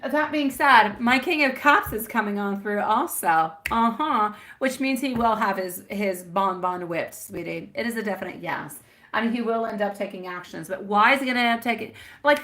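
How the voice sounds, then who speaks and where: A woman's voice: medium pitch, fairly bright tone. Giggly chatty woman reading tarot. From France. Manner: giggly, chatty, calls viewers sweetie and my love. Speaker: tarot reader hosting a live stream. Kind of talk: live tarot reading chat.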